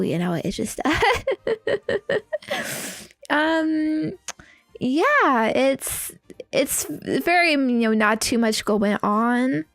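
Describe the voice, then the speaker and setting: A woman's voice: a little high, vocal fry, no room sound. A woman streaming a game, chatting casually in a playful, giggly, teasing way. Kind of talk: casual live-stream chat.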